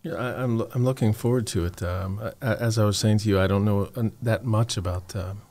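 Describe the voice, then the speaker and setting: A man with a fairly low voice hosts a radio show. He chats with his guest in a relaxed, friendly way and drops in a few fillers. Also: fairly quick. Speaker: radio host. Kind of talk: casual radio chat. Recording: radio studio.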